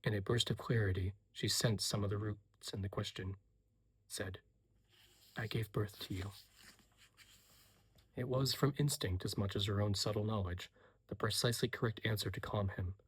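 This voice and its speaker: A man giving a soft-spoken, hushed reading as whispered role-play. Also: fairly low pitch, steady tone, brisk, breathy edge, no echo. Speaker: reader.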